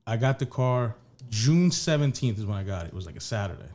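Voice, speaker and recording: A man's voice: fairly low pitch, expressive, brisk, a little mellow. A man co-hosting a podcast, telling a long story in casual chat, rambling and swearing, with many restarts. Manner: rambling, profane, restarts often. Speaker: podcast co-host.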